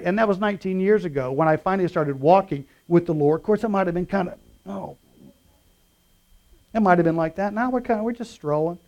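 A middle-aged man preaching in a relaxed, storytelling way, his voice sitting notably high for a man. He jumps from punchy, raised emphasis to soft, almost muttered asides. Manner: casual storytelling with lively swings between loud and quiet. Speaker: pastor. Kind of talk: sermon.

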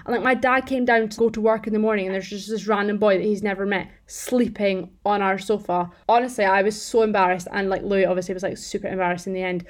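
A woman's voice: medium pitch, fairly even intonation, fast talker, few pauses. A woman in her twenties, a podcast co-host, telling stories in casual chat and acting out what people said. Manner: chatty storytelling, acts out quotes.

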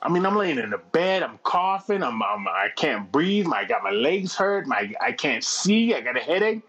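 Man, middle-aged, casual storytelling, profane, bright forceful voice, slightly high. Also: moderate pace, muffled recording, a little hiss or hum. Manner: profane, animated storytelling with laughs. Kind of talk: casual anecdote telling.

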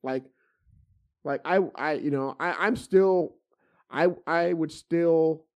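A man's voice: a little high, slow pace, highs cut off. A middle-aged man telling stories in casual chat, swearing freely and restarting his sentences with repeated words. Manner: profane, animated, many stammered restarts.

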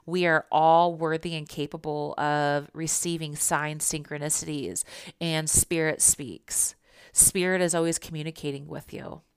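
A woman's voice: deep voice, fairly even intonation, a little slow, clear, resonant tone, no echo, clean studio sound. A young woman telling a personal story and teaching about spiritual signs in an earnest, reassuring, conversational way.

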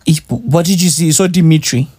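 A man's voice: fairly high pitch, fairly quick, a little mellow, breathy edge, dry recording, clean studio sound. A man vlogging in casual chat with his wife, teasing and joking in playful banter.

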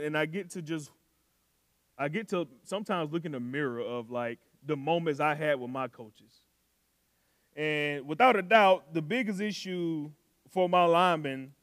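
A man preaching a sermon, telling a coaching story in a relaxed, slangy way that swells into loud shouting. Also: a little high, no echo, studio quality, long reverb tail. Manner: coaching, conversational, with southern-style slang. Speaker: pastor.

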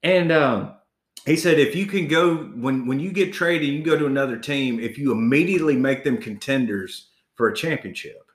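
A man's voice: medium pitch, normal speed, echoey room. A man co-hosting a casual sports chat, ranting in a heated, profane way.

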